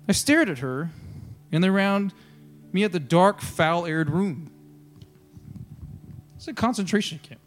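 A man pastor preaching a sermon, telling a story with lively asides and reading passages aloud. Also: on the high side, normal speed, faint music behind. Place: church.

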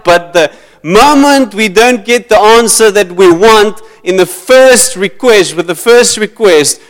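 A man's voice: high-pitched, clean tone. A man preaching a sermon in a church hall, acting out dialogue as he goes. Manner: animated, acts out dialogue, switches between English and Afrikaans. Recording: long reverb of a hall.

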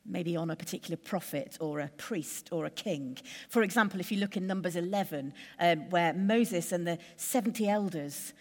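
A woman preacher giving a sermon in a measured, conversational way, building lists with steady pauses. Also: fairly low pitch, big-room sound.

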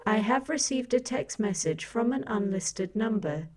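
A woman co-hosting a comedy podcast, speaking in a formal, prim, deadpan manner. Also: medium pitch, measured pace. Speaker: podcast co-host and assistant. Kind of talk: scripted comic deadpan.

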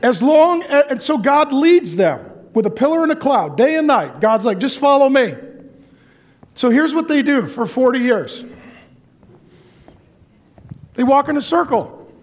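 A man preaching a sermon in a lively, joking way, acting out complaining voices. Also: very high voice, moderate pace. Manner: animated, jokey, acts out complaining voices. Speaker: pastor.

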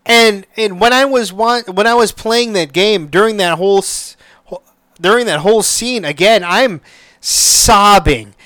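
A man's voice: high voice, pushed and bright, clear, resonant tone, no echo. A man hosting a podcast, chatting casually and emotionally, swearing and restarting his sentences often. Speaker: podcast host. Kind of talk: casual solo chat.

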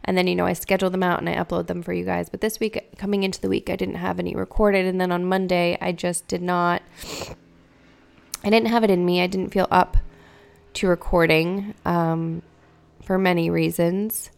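Emotional woman with a gravelly voice. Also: lowish voice, little pitch movement, moderate pace. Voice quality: gravelly fry. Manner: candid, emotional, searching for words. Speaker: podcast host. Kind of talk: casual personal monologue.

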